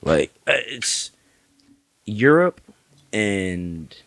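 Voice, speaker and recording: A man speaks in a low voice with brash, cursing energy as a podcast guest swapping stories. The sound is close and dry, as in a small studio. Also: very animated, extremely slow, no echo. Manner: brash, profane storytelling. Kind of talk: casual chat.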